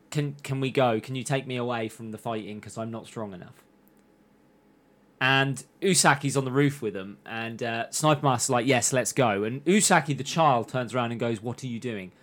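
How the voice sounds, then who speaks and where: A man talking at an average pitch and walking through a show's plot episode by episode. He slips into the characters' lines as he retells each scene. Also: moderate pace, fairly bright tone. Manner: recaps plot in long runs, acting out lines. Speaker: podcast host recapping an anime. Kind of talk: casual chat.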